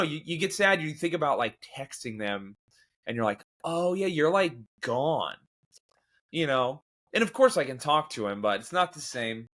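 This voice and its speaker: A man's voice: medium pitch, a bit bright. A man hosting his own show, talking candidly and a bit ramblingly about grief and faith, self-deprecating, with lots of fillers and restarts. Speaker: podcast host.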